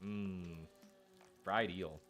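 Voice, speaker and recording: A man's voice: deep voice, steady tone, very slow, a bit bright, soft background music. A man streaming a video game, rambling through casual, self-deprecating commentary. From United States. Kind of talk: casual let's play commentary.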